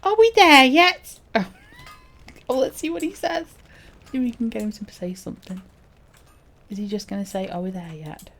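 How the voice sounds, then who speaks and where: A woman's voice: mid-range voice, very animated, brisk, pauses often, warm tone. A woman giving casual, playful commentary while streaming a game. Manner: chatty, playful asides.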